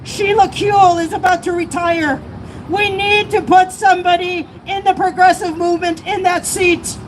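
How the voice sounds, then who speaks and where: A woman's voice: extremely high pitch, low-quality recording. A woman giving an impassioned, emotional speech at an outdoor protest, her voice breaking at times. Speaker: speaker at a protest rally. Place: outdoors on a city street. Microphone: streamer's camera mic among the crowd. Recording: live street stream with crowd and traffic noise. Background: crowd and passing traffic.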